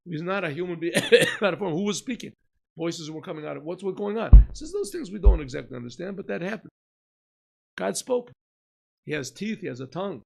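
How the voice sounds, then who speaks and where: A man, a rabbi, giving an informal Torah lesson, asking and answering his own questions and often clearing his throat. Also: high-pitched, big pitch swings, a little fast, darkish tone, faint music behind. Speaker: rabbi teaching a class.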